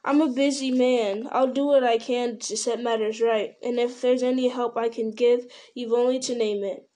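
A woman's voice: on the high side, fairly even intonation, normal speed, mellow, close to an everyday voice. A woman voicing a fussy, rambling middle-aged male innkeeper with a folksy, apologetic way of talking.

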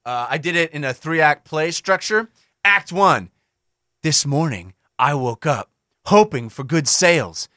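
Brief: a man as a pushy, cheerleading sales-meeting host; showy and bright. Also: fairly high pitch, expressive, unhurried, no room sound, clean studio sound, pitched below the performer's own voice. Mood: earnest. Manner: hammy, cheerleading. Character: overeager male office presenter, pushy and showy.

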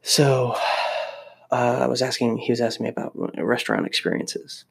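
A man's voice: mid-range voice, steady tone, moderate pace, vocal fry, slightly rough. A young man chatting casually to the camera, rambling and self-deprecating, with lots of restarts. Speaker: vlogger living in Japan.

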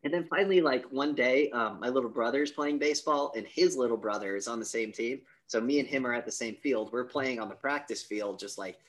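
A man co-hosting a podcast tells a long story in casual conversation, his medium-pitched voice brisk with few pauses. He's animated, swears freely, and acts out the voices of the people in it.

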